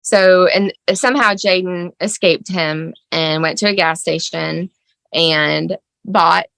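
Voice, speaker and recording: Gravelly-voiced mother, shaken and halting. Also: lowish voice, steady tone, a bit bright, dry recording. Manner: shaken, halting storytelling with many fillers. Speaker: mother of a teen son. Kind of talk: emotional personal account.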